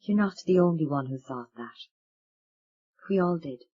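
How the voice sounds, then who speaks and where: Woman playing older Irish dad, lilting and confiding, husky, dull sound. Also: medium pitch, very animated, unhurried. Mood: soothing. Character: older Irish father, warm, rambling, self-mocking man.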